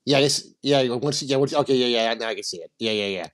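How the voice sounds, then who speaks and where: A man with a middle-pitched, ordinary voice, speaking over a video call. He chimes in mostly with brief agreeing replies and now and then laughs along. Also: fast, a bit bright. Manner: mostly short agreeing interjections, occasional laughs.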